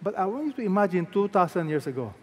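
A man's voice: high-pitched, big pitch swings, fast, husky. A man with a Filipino accent preaching a sermon as pastor, emphatic, repeating phrases and firing rhetorical questions at the congregation. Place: large church hall. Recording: long reverb from a large hall.

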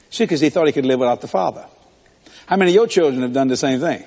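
A man preaching a sermon as pastor, telling stories in an animated way with laughs. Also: a little high, fast, slightly rough. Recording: echoey hall.

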